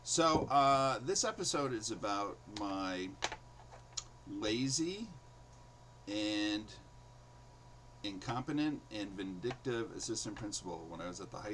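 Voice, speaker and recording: Man, forties, low voice, chatty storyteller, um-filled, faint hiss behind. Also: expressive, measured pace, long pauses, a bit bright, poor audio. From New York City. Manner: chatty, many fillers, acts out quotes in raised voice. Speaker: host and storyteller. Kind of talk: casual spoken storytelling.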